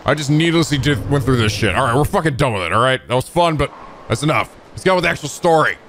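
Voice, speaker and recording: A man's voice: mid-range voice, fast, a little hiss or hum. A man hosting a video game playthrough, swearing and trash-talking in mock anger. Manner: profane, excitable, mock-angry trash talk. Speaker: let's play host. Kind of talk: gaming commentary.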